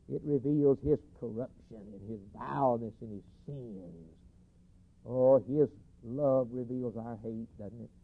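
A male preacher delivering an emphatic sermon, repeating key phrases and swinging between loud declarations and hushed lines. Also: medium pitch. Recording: tinny lo-fi phone-like recording.

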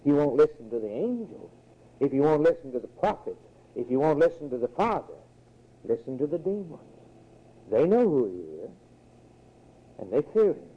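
A male preacher delivers a sermon with insistent, repetitive emphasis. His voice sits somewhat higher than most men's. The recording is muffled and lo-fi. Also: husky. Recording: dull lo-fi recording.

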